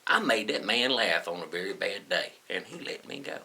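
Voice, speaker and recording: A man's voice: lowish voice, sing-song, moderate pace, creaky, bright, forceful tone. A man telling a folksy story to the camera, chuckling as he goes. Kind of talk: casual anecdote told to camera.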